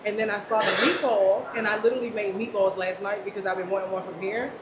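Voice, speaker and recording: Woman, from Washington D.C., rapid eager talk, roomy echo, loud shop noise. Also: medium pitch, fairly even intonation. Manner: enthusiastic, rapid storytelling. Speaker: customer. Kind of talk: casual interview answers. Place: sandwich shop, indoors.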